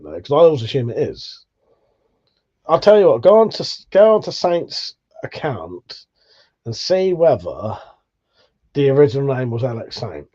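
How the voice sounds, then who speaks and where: A man's voice: medium pitch, a little mellow, slightly rough, lo-fi sound. Sweary man bantering on a livestream. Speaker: livestream host. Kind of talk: casual live chat reading viewer messages.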